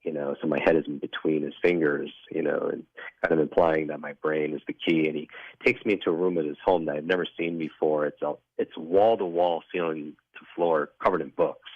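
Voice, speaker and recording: A man being interviewed as a guest, telling a personal story in an earnest, reflective way, often halting and restarting. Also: a bass voice, steady tone, dry recording. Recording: dull lo-fi dry recording.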